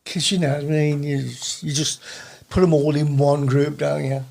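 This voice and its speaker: A man's voice: on the high side, flat delivery, normal speed, vocal fry, a little mellow. An English man co-hosting a podcast, easygoing and agreeable, laughing along in casual banter. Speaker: podcast co-host.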